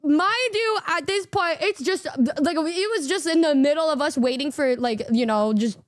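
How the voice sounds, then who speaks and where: A young woman streamer telling a story in casual chat, animated, swearing often and laughing as she goes. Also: sits high, moderate pace, slight background noise.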